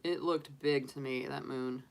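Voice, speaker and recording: A woman's voice: a bass voice, fairly even intonation, a little slow, creaky. A woman in her forties, a tarot reader chatting casually on a live stream and laughing often. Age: 40s.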